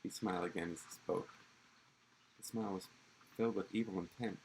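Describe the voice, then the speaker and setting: Low gravelly man reading a story aloud. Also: steady tone, a little fast, darkish tone, a little hiss or hum, low-quality recording. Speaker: streamer reading a game. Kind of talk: reading game narration aloud.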